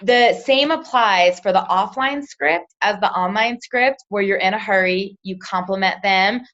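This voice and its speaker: A woman's voice: mid-range voice, unhurried, fairly bright tone. Chatty woman coaching a team, lo-fi. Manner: chatty, acts out sample chats in quoted voices, often asks "right?". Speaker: team leader coaching a sales team.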